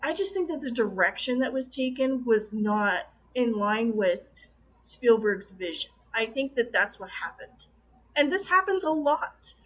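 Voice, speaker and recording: A woman with a high voice delivers a casual film review straight to her viewers. She speaks with passion, exclaims often and laughs easily as she vents her frustrations. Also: expressive, measured pace, a little hiss or hum.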